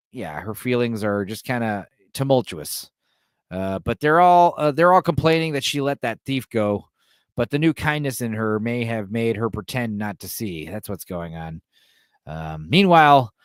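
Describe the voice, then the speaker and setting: A man's voice: medium pitch, normal speed, clean tone, dry recording, clean studio sound. Rambling man recapping a film. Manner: rambling, full of uh and you know; loose, mildly profane. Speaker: podcast host.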